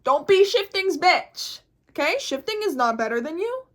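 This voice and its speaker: A woman's voice: very high voice, big pitch swings, normal speed, a bit bright. A woman hosting a casual vlog, talking bluntly and animatedly and swearing constantly. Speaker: host.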